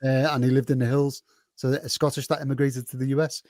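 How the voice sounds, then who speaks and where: A man's voice: mid-range voice, flat delivery, quick pace, a little mellow, no room sound, studio quality. A man with a Liverpool accent, telling loose, swearing, laughing anecdotes in a casual podcast chat and acting out quoted lines. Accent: Liverpool English. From Liverpool, England.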